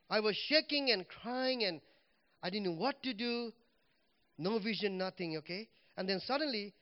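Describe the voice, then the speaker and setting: A man's voice: high-pitched, muffled recording. A man preaching a personal testimony in church, telling his story animatedly and acting out what he said and thought. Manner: animated storytelling, voice swinging up and down as he relives moments.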